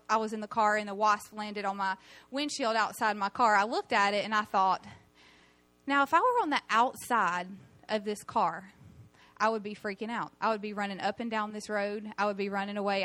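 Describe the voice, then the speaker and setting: A young adult woman giving a sermon, telling a personal story in a chatty, animated way with many fillers. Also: on the high side, no echo. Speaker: guest preacher.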